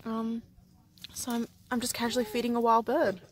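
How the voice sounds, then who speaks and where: A young woman vlogging on an outdoor picnic, excitable and giggly and swearing freely. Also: on the high side, normal speed, slight background noise. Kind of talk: casual vlog chat. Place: outdoors in a rainforest picnic area. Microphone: handheld camera.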